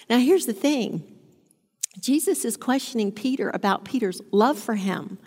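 High-voiced woman teaching scripture. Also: expressive, fairly quick, darkish tone, big-room sound. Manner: reads scripture aloud, then explains it with emphatic repetition. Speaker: Bible teacher. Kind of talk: women's Bible study teaching.

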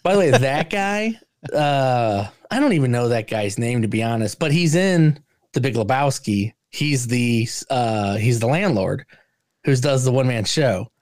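A man co-hosts a casual movie podcast with a lively, animated delivery. He slips into raised voices to act out lines from the film. His voice sits at a middle pitch and sounds close and dry. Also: a little slow, no room sound. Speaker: podcast co-host. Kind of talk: casual movie review chat.

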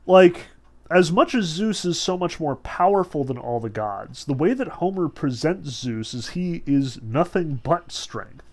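A male teacher lectures in a loose, chatty way, dropping "like" and "um" as he goes. His voice sits a bit higher than most men's. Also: animated, measured pace. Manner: conversational, frequent "like" and "um" fillers. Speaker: literature teacher. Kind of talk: casual lecture.

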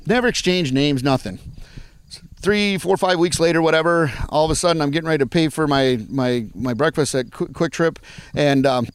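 A man's voice: a little high, moderate pace, clear, resonant tone, no echo. A man, a guest speaker telling stories energetically in conversation and repeating phrases as he goes. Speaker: guest speaker on farm mental health. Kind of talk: animated storytelling in conversation.

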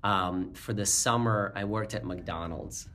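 A man in his forties with a lowish voice talks a little slowly, with a bit of hiss or hum on the recording. Born in Ukraine with Russian as his first language, he speaks with an American accent. He's an executive guest in a casual interview, relaxed and chuckling, with plenty of fillers.

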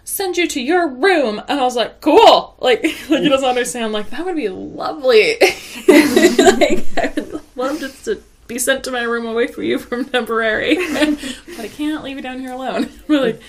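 This young mother's voice sits high as she swaps stories on a podcast at a normal speed, animated and quick to laugh in casual chat. A slight hiss or hum runs under the audio.

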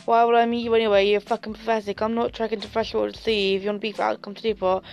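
A young woman reading out an angry, foul-mouthed thirteen-year-old girl's messages in a quick, quieter voice. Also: medium pitch, flat delivery, creaky, close to an everyday voice. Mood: scornful.

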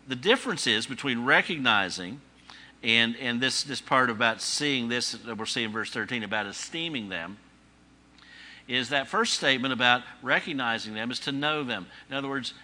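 Bright-voiced man teaching a sermon. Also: medium pitch. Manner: conversational teaching with rhetorical questions and dry humor; emphatic repetition, rising on key phrases. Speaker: pastor.

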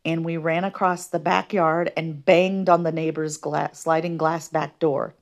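Brief: low-pitched woman from the Midwest, podcast host recounting personal history, halting with frequent ums. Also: flat delivery. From American Midwest. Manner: hesitant, many ums, soft-spoken. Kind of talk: personal storytelling.

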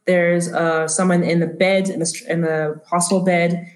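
A woman's voice: lowish voice, flat delivery. A woman running a tabletop horror game as game master, narrating with many fillers and restarts and putting on short voices for the characters. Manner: halting, filler-heavy narration with acted voices. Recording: roomy echo.

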